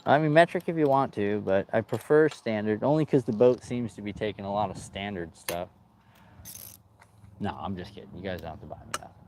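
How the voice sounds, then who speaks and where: A man's voice: lowish voice, a little fast, darkish tone, slight background noise. A man talking casually to his viewers while working on his boat outdoors, rambling and joking, calling them dude. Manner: chatty, rambling, says dude a lot. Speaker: boat restoration vlogger.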